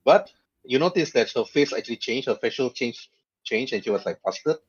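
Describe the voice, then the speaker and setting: Lively man running a tabletop game. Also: mid-range voice, husky. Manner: animated narration with quick put-on voices for side characters. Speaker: game master. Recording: dull lo-fi voice chat audio.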